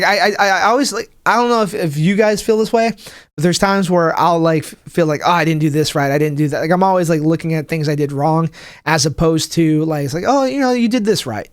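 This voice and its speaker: A young man hosting his own podcast as a stand-up comic, rambling and swearing, with lots of restarts and "like", acting out other people's lines in a higher voice. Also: clean tone, no room sound, clean studio sound. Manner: acts out people's quotes in a higher voice. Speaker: podcast host. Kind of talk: casual solo podcast rant. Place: home room, livestreaming.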